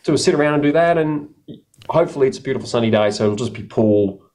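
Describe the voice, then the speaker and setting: A man's voice: mid-range voice, animated, quick pace, a little mellow. A middle-aged man, telling a long, rambling story in a casual chat, often restarting his sentences. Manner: rambling, self-correcting storyteller.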